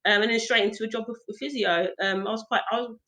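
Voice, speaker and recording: A woman's voice: on the high side, steady tone, fast talker, pushed and bright. A young woman, a football physio chatting as a podcast guest and joking with a laugh. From South London. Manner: chatty and jokey, laughs often. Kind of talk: casual podcast chat.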